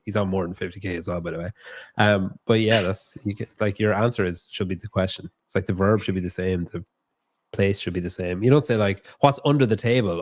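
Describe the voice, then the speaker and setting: An Irish man hosting a podcast in casual chat, talking quickly in asides and laughing often. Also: fairly low pitch. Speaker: podcast host.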